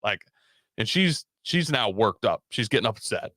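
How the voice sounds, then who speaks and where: A man casually telling a story on a talk show, animated and profane, laughing often. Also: on the low side, moderate pace, no echo, studio quality. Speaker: podcast guest telling a story.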